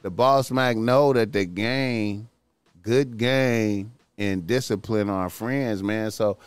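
A man hosting a podcast livestream in a loose, repetitive casual talk, giving shout-outs and preachy streetwise advice, padding his sentences with "man". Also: on the low side, slow pace, clear, resonant tone, no room sound. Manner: loose, repetitive delivery with constant "man" fillers. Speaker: podcast host.

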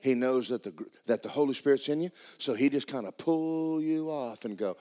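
Male pastor preaching in church, emphatic, repeats himself, bursts into loud prayer. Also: mid-range voice, fairly quick, hardly any pauses. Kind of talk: sermon.

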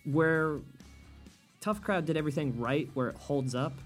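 A man's voice: a little high, normal speed, faint music behind. A man hosting a solo comedy podcast, ranting with heavy profanity and doing mocking impressions. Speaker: podcast host.

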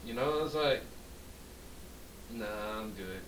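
Taking it slowly in a fairly low voice, a man co-hosting a podcast tells a long story full of swearing in a drunk storytelling chat. He's animated and performs the dialogue he quotes, while the echoey room, distant mic and faint hiss color the sound.

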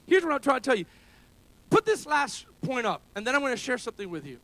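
A man preaching a sermon as pastor, calling out to the congregation for amens and rising to shouts. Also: very high voice, big pitch swings, fast, no echo. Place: church service held in a school building.

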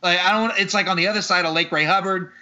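A man's voice: sits high, steady tone, fast talker, sharp tone, highs cut off. A man hosting a podcast who tells a story in casual chat, sounding exasperated and swearing freely as he retells it. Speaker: podcast host.

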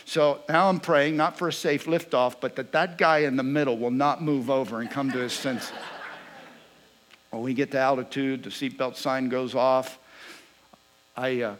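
Animated male preacher telling a story. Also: medium pitch, rough recording. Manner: animated storyteller, swinging between loud bursts and hushed asides. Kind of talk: storytelling sermon.

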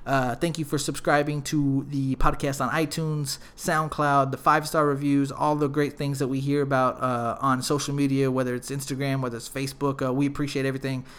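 A man's voice: medium pitch, level tone, fairly quick, few pauses, fairly bright tone, clear, resonant tone. A man hosting a podcast who tells stories in a rambling, profane, slang-heavy way. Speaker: podcast host. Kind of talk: casual storytelling.

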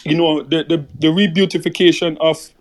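A man with a slightly raised pitch chats casually on a podcast. He rambles through a story, circling back with "you know" and "like" as he goes. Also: fairly even intonation, normal speed. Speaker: podcast co-host. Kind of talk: casual chat.

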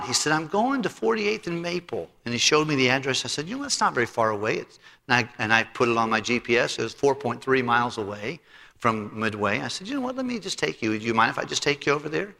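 A middle-aged male pastor preaching a sermon and telling a story, acting out both sides of a conversation in a lively way. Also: medium pitch. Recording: long hall reverb.

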